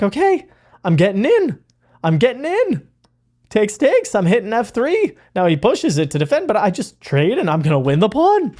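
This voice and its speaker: A young man giving casual, rambling commentary on his own chess game, excitable and full of fillers. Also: medium pitch. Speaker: chess content creator.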